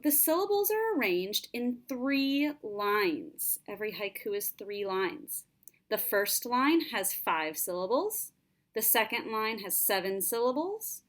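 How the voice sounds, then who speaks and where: A woman teacher giving a patient, clear lesson to students. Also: a little high, sing-song, measured pace, a bit bright. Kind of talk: classroom lesson narration.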